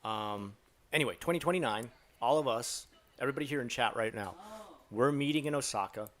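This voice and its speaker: A man's voice: mid-range voice, fairly quick, fairly bright tone. Guy rambling on his live stream, joking around, lots of ums, talks to chat. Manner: rambling, joking, many fillers, reads chat aloud.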